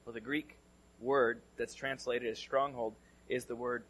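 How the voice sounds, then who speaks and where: California guy preaching, bright punchy voice, talks like he's telling a story to friends. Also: medium pitch, little pitch movement, moderate pace. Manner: conversational storyteller, swinging from loud to hushed. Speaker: pastor. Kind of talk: sermon with personal story.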